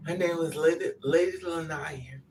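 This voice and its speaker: Blunt, animated storyteller heard from a distance. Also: mid-range voice, normal speed. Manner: blunt, animated, profane, with loud emphatic bursts. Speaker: vlogger telling a personal story. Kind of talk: casual storytelling monologue.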